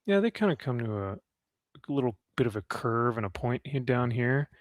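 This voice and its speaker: A man's voice: medium pitch, sing-song, normal speed, no echo, studio quality. A man hosting a casual comic chat, rambling and upbeat, laughing often. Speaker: comic podcast host.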